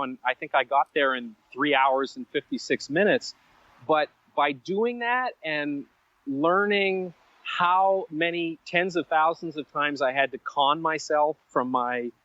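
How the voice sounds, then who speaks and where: A man with a slightly high voice tells rambling, self-mocking stories as a guest. The sound is dry and close, with a muffled, dull tone. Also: no room sound. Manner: animated, self-mocking, digressive. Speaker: guest writer. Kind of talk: conversational storytelling.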